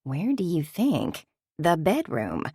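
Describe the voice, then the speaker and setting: A woman's voice: low-pitched, animated, brisk, darkish tone, no room sound, clean studio sound. A woman voicing a playful female customer who talks in a teasing, sly way.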